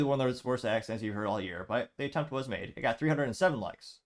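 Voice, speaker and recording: A man's voice: mid-range voice, quick pace, few pauses. A man hosting a show, reading social media posts aloud and adding wry asides. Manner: reads comments out, adds wry asides. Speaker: host.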